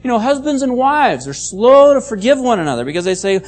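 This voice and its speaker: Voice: mid-range voice, very animated, a little fast, hardly any pauses, darkish tone. A pastor preaching a sermon, stressing key phrases by repeating them, explaining Bible words and reading scripture aloud.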